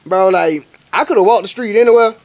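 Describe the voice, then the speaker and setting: A young adult man from Alabama, a guest chef telling stories in casual, animated talk full of slang fillers. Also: high voice, fairly quick, muffled recording. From Montgomery, Alabama, US. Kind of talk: casual storytelling.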